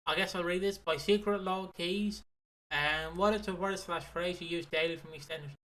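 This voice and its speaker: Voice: mid-range voice, fairly even intonation, normal speed, a bit bright, rough recording. A podcast co-host, reading listener comments aloud in a chatty way, with laughing and swearing. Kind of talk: casual podcast chat.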